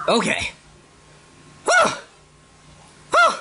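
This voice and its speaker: A man panicking and raging with heavy cursing while playing a horror game, hoarse from screaming. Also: very high voice, very animated, slow, long pauses, background noise. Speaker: gaming channel host. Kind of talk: horror game let's play commentary.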